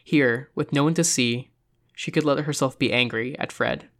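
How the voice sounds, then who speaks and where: A narrator reading a horror story aloud in a measured, suspenseful manner. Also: mid-range voice, fairly bright tone. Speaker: audiobook narrator.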